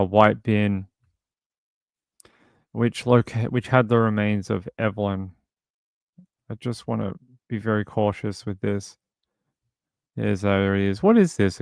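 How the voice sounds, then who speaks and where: A man from outside the US casually comments on a true crime case during a livestream, reading chat and answering it as he rambles with lots of fillers and restarts. His voice is lowish with vocal fry and a little mellow. The clean studio sound has no echo.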